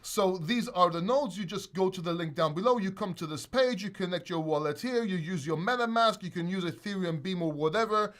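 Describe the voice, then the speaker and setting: Male livestream host, high voice, casual and profane, laughs easily. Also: brisk, hardly any pauses. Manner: laughs a lot, swears freely, animated.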